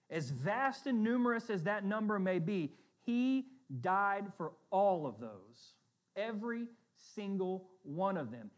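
A middle-aged man preaching a sermon as pastor, earnest and conversational, often checking in with his listeners. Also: sits high.

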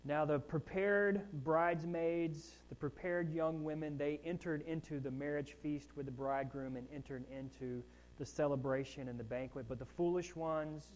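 A man's voice: on the high side, steady tone, moderate pace, a little mellow, poor audio. A man preaching a sermon in a conversational way, with asides and rising emphasis on key points. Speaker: pastor.

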